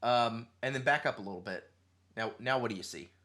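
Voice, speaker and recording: A man's voice: medium pitch, brisk, sharp tone. Rambling man thinking aloud. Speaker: podcast host. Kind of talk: casual conversational podcast.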